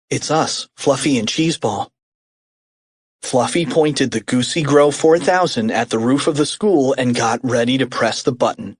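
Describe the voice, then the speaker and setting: A man narrating a children's audiobook in an animated, expressive read. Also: mid-range voice, breathy edge, no echo.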